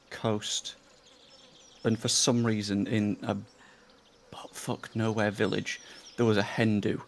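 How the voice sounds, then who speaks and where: A man's voice: lowish voice, creaky, slight background noise. A young man with a dry, joking manner, chatting casually with a friend over a voice call. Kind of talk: casual chat.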